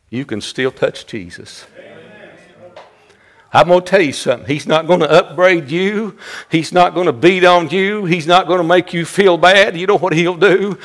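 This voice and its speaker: A male pastor, preaching a sermon fervently and breaking into loud, high-pitched bursts.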